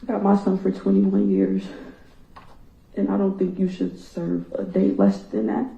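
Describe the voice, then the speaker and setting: Tearful woman speaking in court, raspy low-bright voice, halting and choked up, echoey muffled room sound. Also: big pitch swings. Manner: halting, voice breaking with grief. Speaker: victim's relative giving a statement in court. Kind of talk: emotional victim impact statement.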